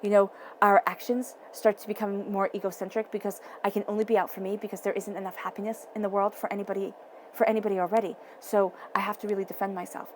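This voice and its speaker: A woman's voice: medium pitch, level tone, fast talker, slight background noise. Woman doing a tarot reading to camera, emphatic, says stuff twice, talks right at you. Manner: emphatic, repeats key phrases, speaks straight to the listener. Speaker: tarot reader. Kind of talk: tarot reading addressed to viewers.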